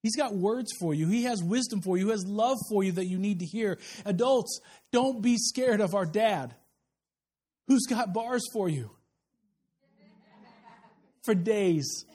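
A young man delivering a sermon from the pulpit, his voice pitched unusually high for a man. He preaches in a casual, animated way, slipping into quick acted-out exchanges to draw the congregation in. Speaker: pastor.

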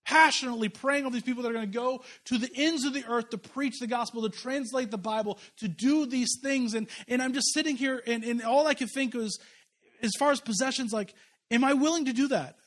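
A man's voice: extremely high pitch, brisk, fairly bright tone. A man preaching a conversational sermon as a pastor, impassioned and emphatic, often restarting his sentences.

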